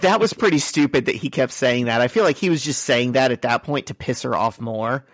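A man's voice: mid-range voice, dry recording, studio quality. A man co-hosting a podcast, recapping a comic book story in a casual, step-by-step storytelling way. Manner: brisk storytelling, retells scenes step by step. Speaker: podcast co-host.

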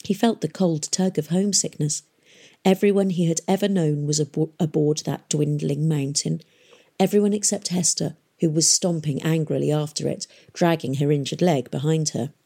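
A woman reading a novel aloud in a measured, gentle way. Her voice is husky and mellow and sits a little low. The pace is calm and steady. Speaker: audiobook narrator. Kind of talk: scripted narration.

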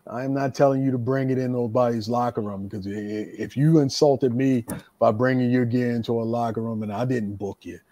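A man's voice: mid-range voice, steady tone, a little fast, mellow, no echo. A middle-aged man telling a long casual story to friends, repeating words and stumbling through his sentences. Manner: rambling, repeats words, laughs while telling. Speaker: podcast host and storyteller.

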